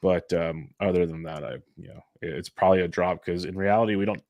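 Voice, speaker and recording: A man's voice: sits low, steady tone, fast, a little mellow, no echo. A man co-hosting a fantasy baseball podcast, talking casually and a bit sarcastically. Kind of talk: casual sports chat.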